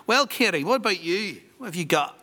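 Pastor, man, high voice, quizzing kids into a handheld mic, long church reverb. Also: expressive, a little fast. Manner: warm, teasing, quizzes children. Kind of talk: children's talk in a church service. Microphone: handheld microphone passed around.

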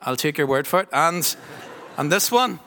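High-voiced pastor, church echo. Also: male voice, lively intonation, moderate pace. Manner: warm, teasing, quizzes children. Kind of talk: children's talk in a church service. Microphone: handheld microphone passed around. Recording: long church reverb.

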